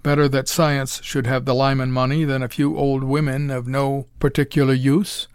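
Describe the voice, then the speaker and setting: A smooth, condescending mad-scientist doctor , as a male reader voices him, calm and cheerfully cruel. The voice sits in a middling pitch, and it is recorded dry, close and clean. He sounds like a storybook villain from a pulp tale. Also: normal speed, no echo, lightly acted. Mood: menacing.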